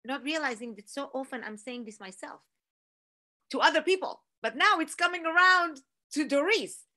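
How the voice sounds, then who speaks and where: A woman giving an energetic, animated motivational talk to an online audience, telling a story with rising emphasis. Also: high-pitched, moderate pace. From Israel. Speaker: motivational speaker.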